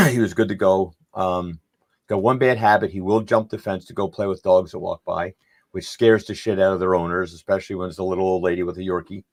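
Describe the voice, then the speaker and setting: Gravelly, low-voiced man telling a story. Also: steady tone, fairly quick, fairly bright tone. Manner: rambling, anecdotal, acts out quoted dialogue. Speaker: podcast panelist. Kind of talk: casual storytelling.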